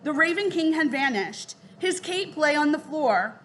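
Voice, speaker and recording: A woman reading a children's story aloud in a clear, steady way, dropping her voice for the speech tags. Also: sits high, unhurried, slight background noise. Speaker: narrator.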